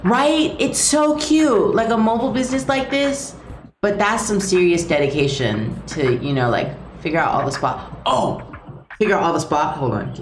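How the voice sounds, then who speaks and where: A young woman streaming a game, chatting casually and giggling as she thinks out loud. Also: mid-range voice, animated, measured pace, slight background noise. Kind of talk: casual gameplay commentary. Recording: roomy echo with clear game music.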